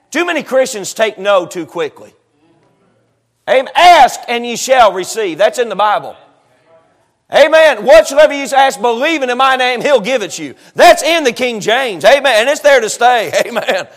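Folksy high-voiced preacher man. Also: animated, moderate pace. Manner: folksy, joking asides, frequent amens, rising to shouts. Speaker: traveling evangelist preacher. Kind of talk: sermon with storytelling.

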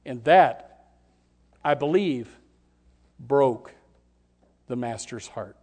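Brief: male pastor, mid-pitched, impassioned sermon delivery with sharp shifts in volume. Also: lively intonation, very slow. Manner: dramatic, swings from hushed to shouting, acts out voices.

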